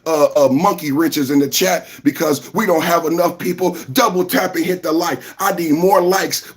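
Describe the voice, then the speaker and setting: Husky-voiced man hyping a livestream. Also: sits high. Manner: animated, repetitive, shouts to chat. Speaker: podcast host. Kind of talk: livestream reaction commentary.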